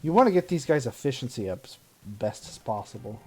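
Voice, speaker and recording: A man with a mellow, warm voice talks through a game on a live stream. His commentary is casual and running, full of dry, self-mocking sarcasm. Faint game music plays underneath. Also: medium pitch, animated, fairly quick.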